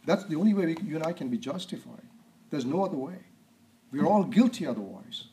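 Male preacher, emphatic, repeats key words, clears throat often, faint background hiss. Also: a little high, lively intonation, brisk, mellow, rough recording. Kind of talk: sermon.

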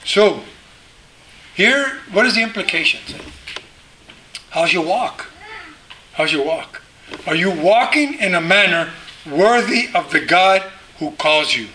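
High, bright-voiced preaching man. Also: lively intonation, takes it slowly, long pauses, a little hiss or hum, low-quality recording. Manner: earnest preaching with frequent repeated words and restarts. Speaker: pastor. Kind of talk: sermon.

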